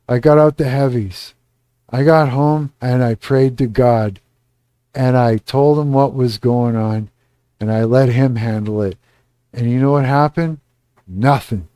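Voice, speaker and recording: Rambling man with a smooth dry voice. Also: mid-range voice, warm tone, no room sound. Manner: rambling, repeats "you know what I mean", acts out both sides of a conversation. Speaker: live streamer. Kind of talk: casual storytelling rant.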